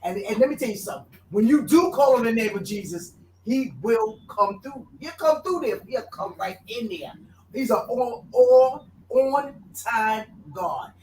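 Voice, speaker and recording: A woman's voice: on the high side, expressive, measured pace, darkish tone. Woman guest, fervent church testimony, off-mic in an echoey room. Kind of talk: faith testimony. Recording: distant roomy sound with noise.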